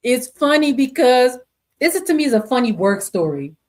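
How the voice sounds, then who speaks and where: Middle-aged woman, casual solo podcast host, lively and quick to laugh. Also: high-pitched. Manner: animated, laughs often, reads stories aloud with voices. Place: home desk with two computer screens.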